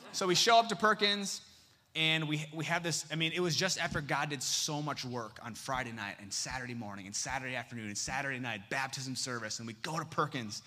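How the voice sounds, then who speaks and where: Young guy preaching, bright forward voice, tells stories and acts out all the dialogue. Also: fairly quick. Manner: storytelling, acting out dialogue with big pitch jumps. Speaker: campus missionary preaching. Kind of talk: sermon.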